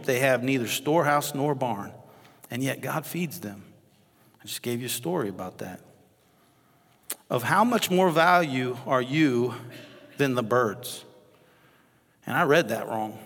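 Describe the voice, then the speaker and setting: Man, Midwestern American accent, associate pastor, animated conversational preaching, lapel mic, long church-hall reverb. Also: mid-range voice. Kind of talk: sermon. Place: church sanctuary.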